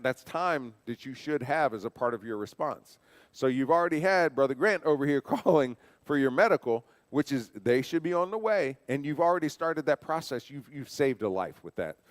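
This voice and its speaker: A man's voice: medium pitch, clean studio sound. Man teaching safety in a reverberant hall. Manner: conversational, fires off rhetorical questions; tells personal stories. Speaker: church safety trainer. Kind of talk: safety training talk to a congregation. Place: church hall. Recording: long reverb of a large hall.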